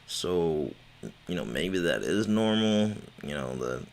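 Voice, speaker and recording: A man's voice: low voice, lively intonation, slow, vocal fry. A man with slurred speech rambling casually on a livestream, stammering, repeating words and swearing. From United States. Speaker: livestream host.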